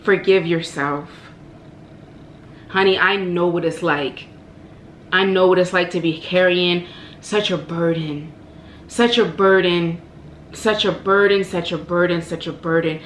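Her voice lowish and steady, this mukbang vlogger talks a bit slowly with frequent pauses, encouraging her viewers straight to camera. Impassioned and repetitive like a preacher, she calls them baby and honey; the rough audio is echoey with slight hiss or hum.

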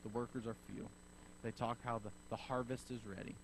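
A man preaching a sermon as pastor, telling a story in a lively way and acting out both sides of the conversation. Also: mid-range voice, a little fast, creaky, noisy background. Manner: animated storyteller acting out dialogue.

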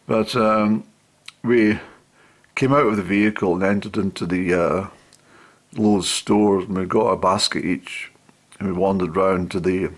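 A middle-aged man telling old stories to a camera, rambling with lots of pauses and fillers. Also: sits low, breathy edge. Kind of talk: casual storytelling to camera.

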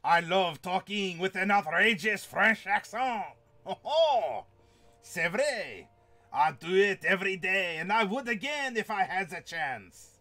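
A man puts on a boastful male villain with a thick, outrageous French accent, as if from a tabletop game. He hams up every phrase with mock exclamations, and his voice sits somewhat high. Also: animated, measured pace, sharp tone, heavily acted. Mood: hammy. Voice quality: exaggerated fake French accent. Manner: hammy, playful delivery with mock exclamations.

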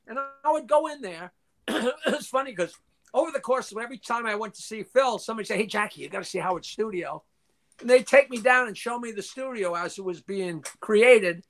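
An older man, a guest in a casual interview, tells long anecdotes full of restarts, swearing and acted-out quotes, clearing his throat now and then. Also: sits high, expressive, fairly quick, fairly bright tone. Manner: profane, frequently clears throat.

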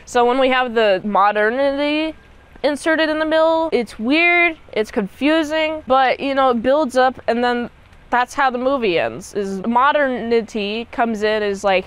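A woman's voice: a little high, measured pace, smooth. A young woman giving a casual movie recap and review, chatty and slangy, peppered with "like" and "dude".

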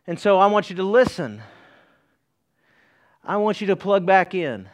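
A man's voice: high-pitched, sing-song, a little slow. A middle-aged man from East Tennessee, preaching a sermon in a folksy way with joking asides to the congregation. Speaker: pastor.

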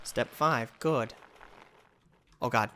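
A man giving excited gameplay commentary, yelping, exclaiming and trash-talking as he plays. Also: medium pitch, very slow, a little hiss or hum. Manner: excitable, yelps and exclaims loudly; trash-talks the game. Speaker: gamer.

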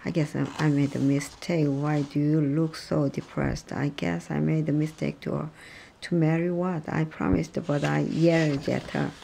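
A woman reading short practice sentences and dialogues aloud, halting and restarting when she trips over words. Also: deep voice, flat delivery, vocal fry, dark tone, slight background noise. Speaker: reader.

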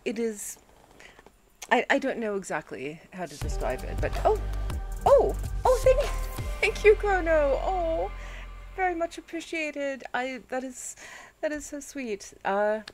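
A woman streaming a video game from home, groggy after a headache, chatting calmly with viewers and fussing at her dog. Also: high-pitched, unhurried, faint music behind. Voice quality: calm, soothing voice. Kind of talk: casual live-stream gameplay chat.

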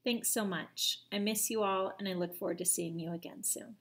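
A woman teacher giving a video lesson to children, speaking gently and patiently and asking them questions directly. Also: medium pitch, fairly even intonation, moderate pace, creaky.

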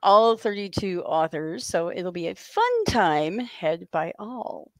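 A woman's voice: on the low side, very animated, takes it slowly, no room sound. Friendly woman interviewer, dry sound. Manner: friendly, short encouraging replies. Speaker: interviewer host. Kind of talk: casual interview chat.

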